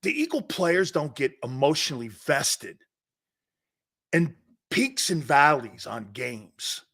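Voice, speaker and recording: Animated, blunt sports talk host, man. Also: takes it slowly. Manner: animated, blunt storytelling with swings in pitch and loudness.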